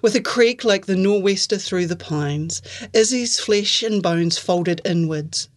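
A woman author reading her own fiction aloud in an even, clear storytelling manner. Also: medium pitch, a little slow. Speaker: author reading their work.

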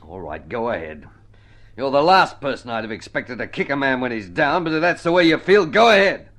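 A defeated, weary husband speaks tersely in a vintage radio play. His voice is very deep yet moves around a lot in pitch. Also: measured pace, heavily acted. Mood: bitter. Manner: flat and terse, flaring up when stung. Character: weary, defeated man in a failing marriage. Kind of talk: vintage radio drama acting.

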